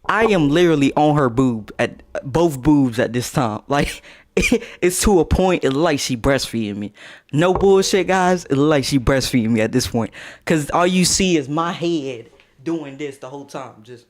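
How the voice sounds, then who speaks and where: A young man streaming a casual storytime, slangy and animated, laughing often as he talks. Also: on the high side, normal speed.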